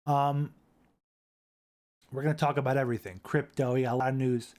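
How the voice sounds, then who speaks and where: A man hosting a casual live stream, rambling, repeating himself and reading chat aloud into a boom-arm desk mic. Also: fairly even intonation, a little fast, a little mellow.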